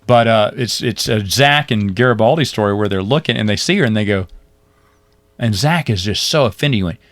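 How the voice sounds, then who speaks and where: A man co-hosting a podcast, retelling TV episodes in a rambling, animated way with laughs. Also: fairly low pitch, fairly quick, no echo. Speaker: podcast co-host. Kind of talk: casual chat recapping a TV series.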